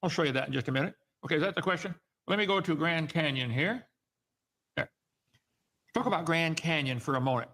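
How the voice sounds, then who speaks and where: A man's voice: on the high side, lively intonation, brisk, long pauses, pushed and bright. A man hosting a call-in show, lecturing in an emphatic, mocking way. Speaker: host. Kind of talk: argumentative call-in commentary.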